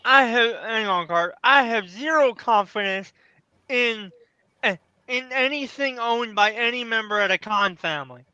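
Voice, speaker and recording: Sarcastic panelist, smooth bright voice. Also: mid-range voice, moderate pace, no room sound, highs cut off. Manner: sarcastic, mock monotone. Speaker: podcast panelist. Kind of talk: casual sports talk.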